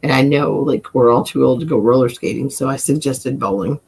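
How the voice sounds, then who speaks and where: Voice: medium pitch, brisk, creaky, a little mellow, husky. An adult livestream host and self-described coin nerd, chatting casually with viewers in a rambling way, swearing often and chuckling.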